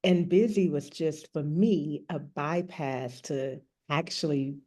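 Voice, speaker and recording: A woman's voice: low voice, takes it slowly, warm tone. A woman who works as a rest coach and author, frankly and earnestly telling a personal story as an interview guest.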